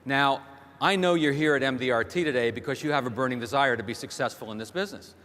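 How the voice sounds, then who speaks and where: A man's voice: medium pitch, quick pace, a bit bright. Male keynote speaker, storytelling, rhetorical questions, mid-range voice, big hall reverb. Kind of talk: motivational keynote speech. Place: large hall stage before a big audience. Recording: long hall reverb from a stage.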